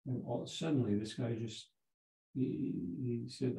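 A man in his seventies, a Zen teacher giving a dharma talk, telling a story in a halting way with many restarts. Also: medium pitch, steady tone, creaky, dark tone, a little hiss or hum. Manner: halting, repeats words and restarts. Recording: roomy echo.

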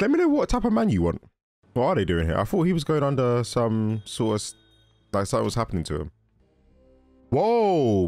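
Excitable young man reacting to a film. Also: on the low side, no echo, clean studio sound. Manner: excitable, laughs and exclaims often. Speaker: movie reaction host. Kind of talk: casual movie reaction commentary.

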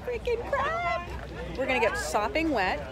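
A woman vlogging on a handheld camera, gushing, swearing and exclaiming with excitement. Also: medium pitch, normal speed, a crowd in the background. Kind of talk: excited travel vlog. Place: hotel room, restaurant, outdoors.

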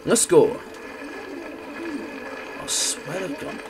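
A man giving loud, crude, excitable gameplay commentary. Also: drawn-out words, crowd noise. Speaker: gamer.

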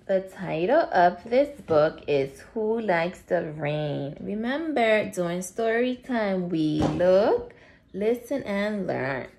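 Slow, encouraging preschool teacher, woman. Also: mid-range voice, lively intonation, creaky, a little mellow. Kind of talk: lesson and read-aloud for young children.

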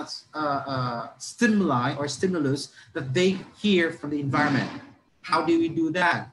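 A man teaching listening skills to parents and teachers, explaining slowly, restarting often and stressing key words aloud to show how. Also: on the high side, a bit bright, slight background noise, rough recording.

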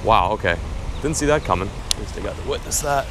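A young man vlogging a fishing trip in casual chat, who gets loud and excited when fish bite. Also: on the low side, fast talker, background noise. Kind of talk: casual vlog narration. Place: outdoors at city ponds, later in a car.

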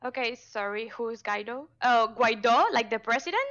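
Bright young woman. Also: on the high side, moderate pace, muffled recording. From Venezuela. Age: 20s. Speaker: guest. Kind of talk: casual chat.

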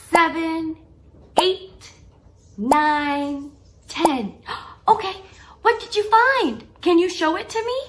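A young woman teaching toddlers in a learning video, talking slowly and encouragingly in a sing-song way with delighted gasps. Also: extremely high pitch, a bit bright. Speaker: children's teacher.

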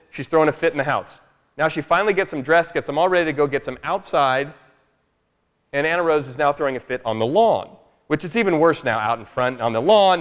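A man telling a family story to a live workshop audience in an animated, chatty way, often asking "right?". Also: on the high side. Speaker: speaker at a workshop. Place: large room with a live audience. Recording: long echo of a large hall.

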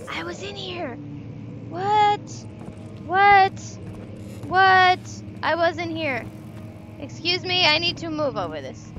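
A young woman commentating a horror game casually, jumpy and swearing as she talks back to the game. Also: high-pitched. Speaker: gamer. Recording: noisy recording.

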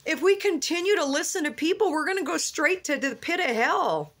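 A woman's voice: high voice, lively intonation, brisk, a bit bright. A woman vlogger sits in a car and delivers a fervent religious monologue. She talks earnestly and rambles, often restarting with "you know.". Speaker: Christian vlogger.

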